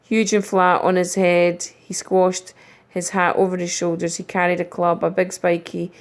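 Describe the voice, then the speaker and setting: A woman teacher giving a recorded lesson, talking through punctuation slowly and reading example sentences aloud. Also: lowish voice, flat delivery.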